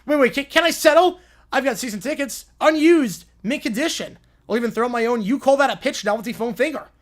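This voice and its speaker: A man's voice: lively intonation, a little fast. Man doing Lionel Hutz, a sleazy cartoon lawyer. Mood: desperate. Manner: sleazy, nervous salesman pitch. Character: sleazy incompetent male cartoon lawyer, desperate.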